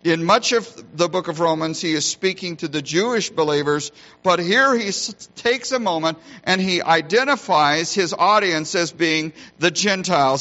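A man's voice: a little high, normal speed, hardly any pauses, pushed and bright. Earnest preaching man, dull recording. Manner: earnest preaching, varied emphasis, rhetorical questions. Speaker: pastor. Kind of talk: sermon.

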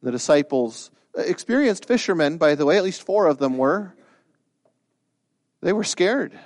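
Male pastor, sermon delivery, slightly high voice, dry close sound, animated storytelling. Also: a little slow, no room sound. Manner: animated preaching, acting out quoted voices with big pitch jumps.

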